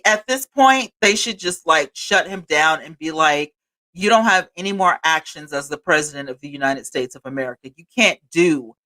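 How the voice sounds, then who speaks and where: A woman talks straight to her viewers on a live stream, emphatic and animated. Her voice is bright and forceful, and she drives her points home by saying them twice. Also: lowish voice. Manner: emphatic, animated, repeats lines for effect. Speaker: host. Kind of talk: live-stream political commentary.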